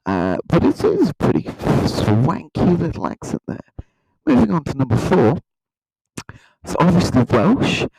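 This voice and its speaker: A man's voice: a little high, wildly swooping pitch, measured pace, gravelly, background noise. A man hosting a satirical comedy video, rambling in a mock-serious way and often tripping over his words. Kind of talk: satirical monologue to camera.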